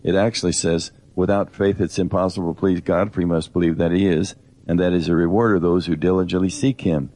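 A man's voice: deep voice, steady tone, fast, warm tone, no room sound. A middle-aged man co-hosting a Bible teaching program, preaching earnestly and directly in a conversational way.

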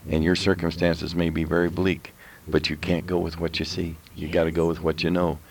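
A man with a very low voice, preaching as co-host of a faith program. He speaks straight to his listeners and urges them on in a firm, exhorting way. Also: little pitch movement, a little fast, breathy edge. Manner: exhorting, direct address to listeners. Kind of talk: preaching on a talk show.

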